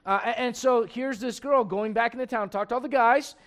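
A man's voice: extremely high pitch, fairly quick, a bit bright. A man pastor preaching a casual, conversational sermon to his congregation and reading scripture aloud.

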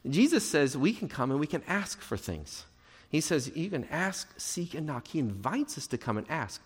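A male pastor preaching a sermon in an earnest way, moving between emphatic and hushed delivery. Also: a little high. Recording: long hall reverb.

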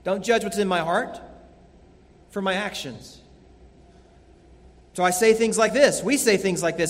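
A man's voice: sits high, measured pace, pauses often. A man preaching a sermon as a pastor, earnest and emphatic, repeating key phrases. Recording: long hall reverb.

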